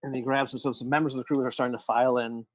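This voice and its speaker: A man's voice: medium pitch, little pitch movement, racing, poor audio. A man running a tabletop game as game master, narrating in a rambling way with many restarts. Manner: rambling, full of restarts and "you know".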